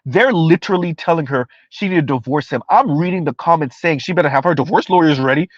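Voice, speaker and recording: A man under forty, a fast talker with a high-leaning voice and lively intonation, rants through casual live-stream commentary, emphatic, repetitive, and quick to laugh. His recording is dry, lo-fi, and slightly dull.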